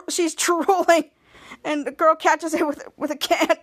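This podcast host speaks in a high voice at a slightly slow pace. She casually recounts a TV episode, performing the characters' dialogue with lively voices.

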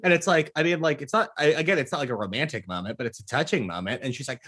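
A man co-hosting a podcast, joking through a movie recap and acting out characters in quick voices. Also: medium pitch, breathy edge. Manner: animated, jokey, acts out characters in quick voices. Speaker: podcast co-host. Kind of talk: casual chat recapping a movie.

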